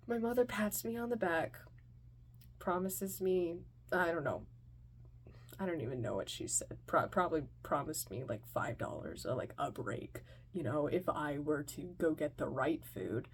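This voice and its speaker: A woman's voice: sits low, expressive, normal speed, breathy edge. A woman telling a comic personal story in an anxious, self-mocking way, often dropping into whispered asides.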